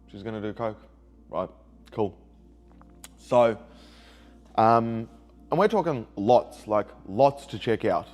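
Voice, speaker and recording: A man's voice: mid-range voice, darkish tone. Upset man venting. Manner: hurt, rambling, repeats himself. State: emotionally upset. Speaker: vlogger. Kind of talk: video diary, personal story.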